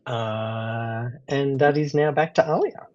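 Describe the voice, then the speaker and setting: A man's voice: mid-range voice, expressive, unhurried, creaky, husky, lo-fi sound. A man narrating as game master, chatty, laughing often and wandering off into digressions.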